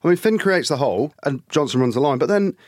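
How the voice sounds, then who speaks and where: A man co-hosting a sports podcast, breaking down match action in animated detail and laughing easily. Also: a little high, fast talker, no room sound, clean studio sound. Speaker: podcast co-host. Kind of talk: casual sports chat and match analysis.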